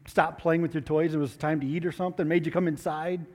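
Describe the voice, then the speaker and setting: A man giving a children's moment in church, asking the kids gentle questions and coaxing answers. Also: fairly high pitch, fairly even intonation, fast talker, long reverb tail. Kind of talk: children's sermon with props.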